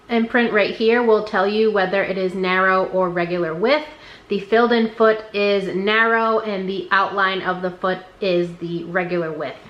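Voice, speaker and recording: A woman's voice: mid-range voice, dull audio. A woman casually showing thrifted items she resells, chatty and full of fillers, often unsure how brand names are said. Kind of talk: casual haul vlog. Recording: echoey room.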